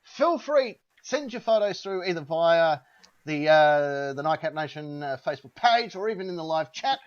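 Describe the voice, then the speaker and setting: A man's voice: a little high, lively intonation, normal speed. A man hosting a casual podcast. He rambles, restarts and says "uh" a lot. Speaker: podcast host. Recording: dull lo-fi sound.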